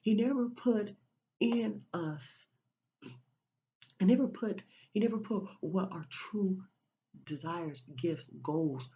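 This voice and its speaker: A woman's voice: mid-range voice, takes it slowly, long pauses, dark tone, muffled recording. Woman giving a spiritual pep talk. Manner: repetitive, preachy, many restarts. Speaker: motivational speaker.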